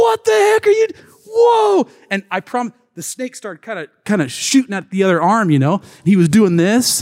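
Animated male pastor, high-pitched, preaching in a reverberant church hall; storytelling sermon with shouted peaks. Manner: animated storyteller, acts out quotes, bursts into shouts. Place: church sanctuary.

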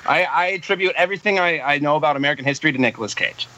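A man's voice: a little high, very fast, sharp tone, dull audio. A man arguing playfully on a casual podcast panel, laughing often and swearing. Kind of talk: casual comic debate.

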